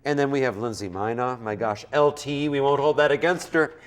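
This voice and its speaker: A man from Minnesota hosting a comic talk show, lively and talkative, joking and drifting off topic. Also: mid-range voice, fairly quick. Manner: lively, talkative, jokey, digresses.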